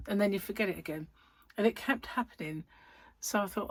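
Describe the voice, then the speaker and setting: A woman's voice: medium pitch, fast, husky, no echo. A middle-aged woman chatting casually to camera, rambling and giggly as she tells stories, tired and yawning. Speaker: vlogger.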